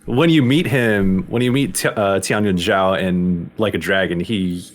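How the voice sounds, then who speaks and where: A man's voice: low-pitched, unhurried. A man co-hosting a casual game podcast, hesitant and full of restarts as he explains things. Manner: hesitant, restarts a lot, lively intonation. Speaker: podcast co-host.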